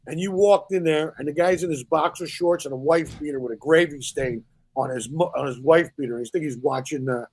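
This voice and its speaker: A middle-aged man, a guest comedian, telling quick stories in casual podcast chat and acting out voices. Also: on the high side, a little mellow, no echo. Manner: rapid storytelling, acts out voices in anecdotes.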